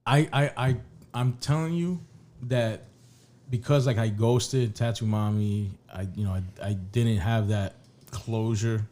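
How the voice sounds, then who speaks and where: A man's voice: lowish voice, unhurried, mellow, a little hiss or hum. Male podcast co-host, loose profane storyteller, restarts mid-sentence. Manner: rambling, profane, restarts often. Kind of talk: casual storytelling chat.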